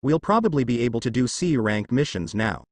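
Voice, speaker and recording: A man's voice: mid-range voice, lively intonation, fairly quick, no echo, close to an everyday voice. A man voicing a smug ninja instructor woman. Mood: smug, brisk. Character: young female ninja instructor, smug and brisk.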